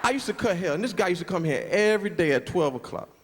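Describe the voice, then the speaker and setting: Animated high-voiced male stand-up comedian. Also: fast. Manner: animated storytelling, acting out characters. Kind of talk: stand-up routine. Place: comedy club stage. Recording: roomy hall with loud crowd noise. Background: audience laughter.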